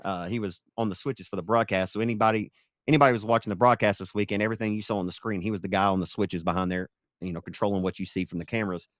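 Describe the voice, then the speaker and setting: A man's voice: lowish voice, very fast, no echo. Rambling man, dry close mic. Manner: rambling, animated, gets sidetracked. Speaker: podcast host and race announcer. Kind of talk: casual podcast chat.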